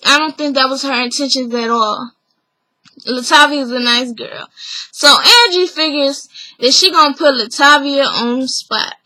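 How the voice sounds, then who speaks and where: A woman's voice: high-pitched, normal speed, sharp tone, dry recording, low-quality recording. A woman recapping a reality show episode in a chatty, opinionated vlog, acting out the people she quotes. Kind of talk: casual recap review.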